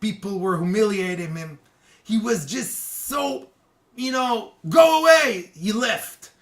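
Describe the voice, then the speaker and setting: A religious teacher telling a moral story in an animated way, acting out the quotes and often calling the listeners guys, with halting restarts and repeated words. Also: medium pitch. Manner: lively, acts out quotes, keeps addressing listeners as guys.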